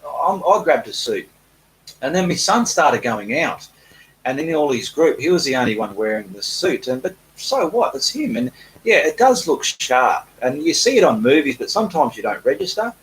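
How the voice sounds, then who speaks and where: A man's voice: a little high, big pitch swings, moderate pace, fairly bright tone, a little hiss or hum, poor audio. A middle-aged Australian man with an Australian accent, an artist chatting casually on a live stream and reading out viewer comments in a self-deprecating way.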